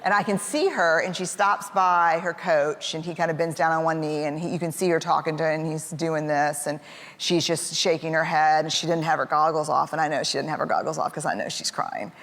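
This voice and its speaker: A woman's voice: deep voice, steady tone, brisk, fairly bright tone. Chatty woman in an echoey hall. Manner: chatty, with lots of fillers and laughs; acts out voices of family members in quotes. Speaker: parent telling a personal story. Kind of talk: casual personal storytelling talk. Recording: echoey hall with faint background noise.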